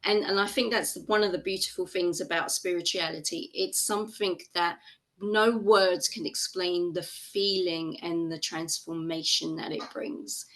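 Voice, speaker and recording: A woman hosting a podcast interview, asking questions in a soft, reflective and affirming way. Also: lowish voice, steady tone, a little slow. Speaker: podcast host.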